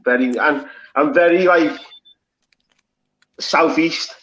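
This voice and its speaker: A man's voice: on the high side, slow pace, fairly bright tone. Sweary Scouse man on a call. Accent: Liverpool Scouse. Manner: blunt, sweary, rambling with restarts. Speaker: panel guest on a live stream. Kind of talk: casual livestream banter. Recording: slightly lo-fi audio.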